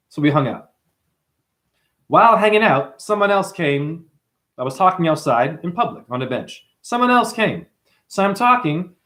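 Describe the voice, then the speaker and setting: A man hosting a livestream and ranting preachily at his viewers, swinging between hushed asides and loud outbursts. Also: fairly high pitch, big pitch swings, normal speed. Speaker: livestream host and numerology teacher.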